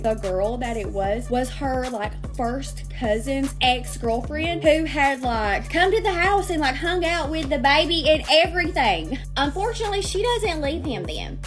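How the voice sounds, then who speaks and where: A woman's voice: high voice, animated, unhurried, hardly any pauses. A young woman telling a small-town gossip story in a chatty, dramatic way, with teasing asides to the listener. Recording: music bed under the voice. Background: background music.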